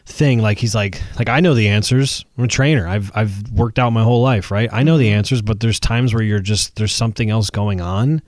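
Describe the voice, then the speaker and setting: A man's voice: lowish voice, a little fast, hardly any pauses, darkish tone, no echo, studio quality. A man co-hosting a podcast, joking playfully in casual chat. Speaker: podcast co-host.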